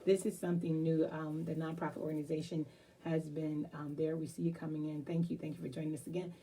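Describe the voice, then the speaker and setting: A woman's voice: level tone, fast talker, breathy edge, rough recording. A woman hosting a live online talk show, talking casually with many fillers and eagerly repeating herself. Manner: gets louder and higher calling to a guest.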